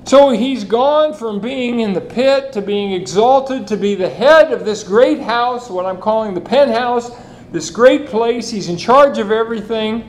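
High-voiced preacher guy going slow through scripture, asks lots of questions, bit of noise in the background. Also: low-quality recording. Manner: lively, animated, asks rhetorical questions, quotes scripture. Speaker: pastor. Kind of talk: expository sermon.

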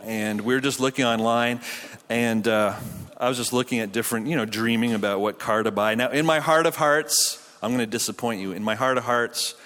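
A man's voice: mid-range voice, a bit bright. A pastor in his thirties from Canada, preaching a sermon in a chatty, self-deprecating storytelling way with frequent restarts. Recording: hall reverb from a live venue.

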